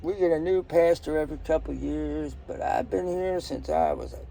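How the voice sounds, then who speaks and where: A man's voice: a little high, normal speed, vocal fry, warm tone, slight background noise, low-quality recording. An older man voicing a pushy, bossy churchgoer man with a US Southern accent, overly friendly and domineering.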